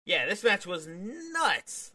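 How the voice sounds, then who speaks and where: A young man in an easygoing wrestling review chat, his voice bright and a touch high. He laughs often and jumps into animated bits acting out the wrestlers. The talk is loose, with restarts and fillers. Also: slow. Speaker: podcast co-host.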